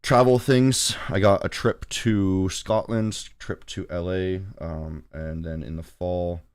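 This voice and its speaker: A man's voice: low-pitched, fairly even intonation, takes it slowly, clear, resonant tone. A man hosting a trading livestream, chatting loosely and joking, with simple chopped phrases. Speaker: livestream host and forex trader. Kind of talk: casual livestream chat.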